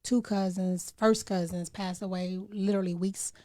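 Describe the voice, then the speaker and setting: A woman's voice: medium pitch, steady tone, normal speed, dark tone, no room sound, studio quality. A woman on a podcast reciting a spoken-word poem in an earnest voice that sinks at times into near whispers. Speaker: podcast guest.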